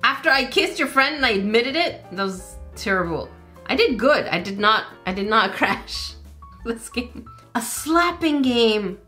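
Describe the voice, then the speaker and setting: A woman with a fairly high, sharp-toned voice speaks in an animated but unhurried way, with faint music in the background. She's a gaming channel host doing casual let's-play commentary for her viewers, chatty and often confused, recorded on a desk microphone.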